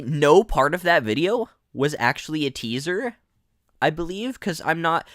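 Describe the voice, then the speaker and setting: Lively, bright-voiced young man streaming a game. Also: a little high, moderate pace, dry recording, studio quality. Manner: rambling, chatty, many restarts; reads out chat messages. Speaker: gaming streamer. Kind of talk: casual gameplay commentary.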